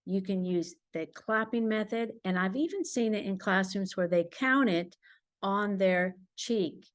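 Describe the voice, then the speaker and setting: A woman teacher explaining reading games to parents at home, patient and clear, slowing down to model words the way she would for a child. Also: mid-range voice. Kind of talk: instructional talk to parents.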